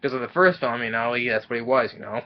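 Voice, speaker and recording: A man casually recapping a film plot, rambling and halting, with many fillers and restarts. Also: medium pitch, highs cut off. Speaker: movie reviewer.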